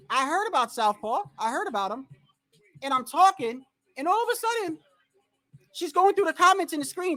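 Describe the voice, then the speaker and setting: A man's voice: very high voice, sharp tone. A man telling a rambling, profane story on a casual livestream about boxing. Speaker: boxing commentary streamer.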